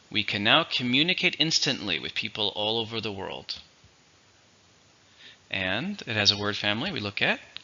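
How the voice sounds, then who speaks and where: Man slowly teaching vocabulary, bright tone. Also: fairly low pitch. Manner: slow, clear, instructive delivery. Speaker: English teacher. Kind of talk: vocabulary lesson. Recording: dull, lo-fi recording.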